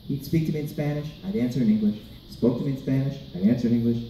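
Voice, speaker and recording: Male storyteller, mellow and far-off. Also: mid-range voice, rapid-fire. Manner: animated, asks the audience questions. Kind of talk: live storytelling to children. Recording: roomy, distant mic, light background noise.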